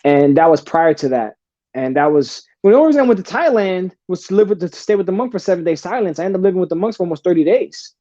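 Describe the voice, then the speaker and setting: A man's voice: high voice, expressive, quick pace, mellow, dull audio. A man telling wild stories as a podcast guest, brash and profane, calling the host brother. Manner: brash, profane storyteller who keeps saying "bro" and "brother". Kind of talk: storytelling in casual chat.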